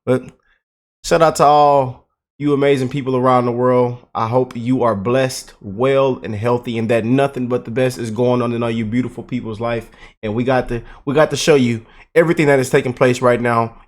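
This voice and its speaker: A man hosting a reaction video, talking to his viewers in an excitable, hyped way. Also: mid-range voice, moderate pace. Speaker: host. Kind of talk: reaction commentary.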